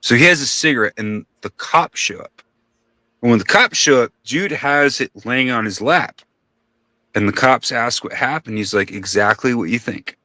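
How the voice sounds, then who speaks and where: A man's voice: mid-range voice, moderate pace, pushed and bright, dry recording. A man telling a long story in casual podcast talk, rambling and profane, acting out the voices of the people in it.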